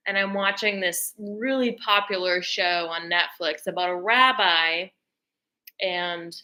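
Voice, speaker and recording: A woman's voice: medium pitch, pushed and bright, poor audio. A woman vlogger talking straight to camera in a casual, rambling rant, emphatic and heavy on filler words. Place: lives in Texas, speaking to camera.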